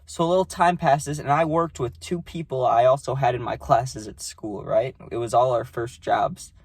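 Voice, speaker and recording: A man's voice: medium pitch, normal speed, husky, no room sound. Laid-back young man, dry close sound. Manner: laid-back, rambling, swears freely. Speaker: storyteller. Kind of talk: casual storytime monologue.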